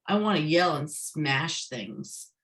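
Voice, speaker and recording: A hot-tempered young sea otter from a children's storybook, as a woman reads it aloud. It speaks loudly and fiercely, in a fairly low voice. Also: lively intonation, takes it slowly, exaggerated voice. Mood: angry.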